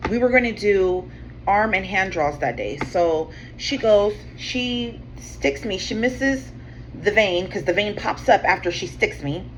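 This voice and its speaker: With a mid-range voice and lively intonation, a woman who hosts a tarot channel rambles through a casual story at a measured pace. She leans on "like" and "you know what I'm saying" and swears freely. There's slight background noise and faint room ambience on a slightly dull recording.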